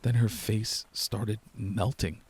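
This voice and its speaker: A young man reading a first-person horror story aloud in a low-key, steady storyteller's way. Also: slow, breathy edge, dry recording. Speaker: narrator. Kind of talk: scripted horror narration.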